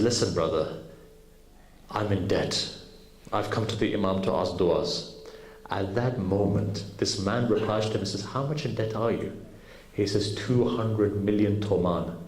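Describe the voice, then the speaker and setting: Animated man preaching, echoey hall. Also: fairly low pitch. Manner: animated storyteller acting out dialogue. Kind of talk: sermon storytelling. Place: mosque hall.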